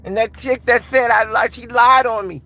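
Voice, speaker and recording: A shrill, menacing boxer. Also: male voice, steady tone, normal speed, exaggerated voice. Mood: menacing, indignant. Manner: shrill, threatening, high and loud. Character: enraged boastful male boxer, shrill and menacing. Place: inside a car.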